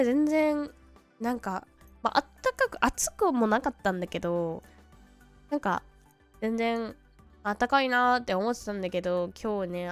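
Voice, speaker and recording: A young woman streams from home with a smooth, mid-range voice, chatting casually. She tells rambling stories in a loose way, laughing and doing quoted voices.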